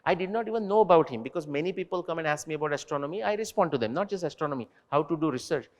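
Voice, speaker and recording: A man answering student questions at a university talk, animated and digressive, turning to quiz the audience directly. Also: a little high, very fast, long reverb tail. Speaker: invited speaker. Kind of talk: lecture Q&A with students. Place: university lecture hall.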